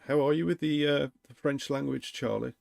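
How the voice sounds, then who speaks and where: A man's voice: medium pitch, normal speed, vocal fry, darkish tone, no room sound, clean studio sound. A man hosting a casual livestream chat, playful and teasing, laughing often. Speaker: livestream host.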